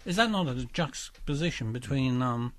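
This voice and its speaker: A man hosting a spoof radio arts show in a pompous, mock-serious manner, with many ums and halting restarts. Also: mid-range voice, expressive, fairly bright tone. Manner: pompous, hesitant, full of ums.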